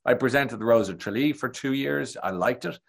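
An Irish man, a TV presenter, chatting as a guest and telling lively anecdotes, slipping into impressions of other people. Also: mid-range voice, normal speed, gravelly. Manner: animated anecdotal storytelling, slips into impressions. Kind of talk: casual chat.

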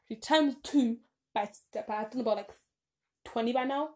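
Teen girl vlogger, rambling chatter, bright higher voice, theatrical stresses. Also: normal speed. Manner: rambling, chatty, self-interrupting with many "like"s; dramatic bursts of emphasis. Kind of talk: casual chat.

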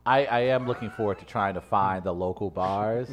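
A man co-hosting a talk show, playful and excitable, teasing his guests. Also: lowish voice, normal speed. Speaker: radio show co-host. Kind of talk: casual banter.

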